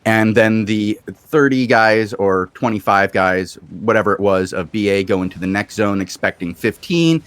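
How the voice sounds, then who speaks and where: A man hosting a casual chat, telling an animated story from an online game. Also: fairly low pitch, normal speed, few pauses, clean tone, no echo.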